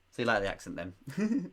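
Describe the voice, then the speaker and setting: A man's voice: mid-range voice, fairly bright tone. A man hosting a live online pub quiz, chatty and rambling, repeating himself and chuckling often. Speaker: quiz host.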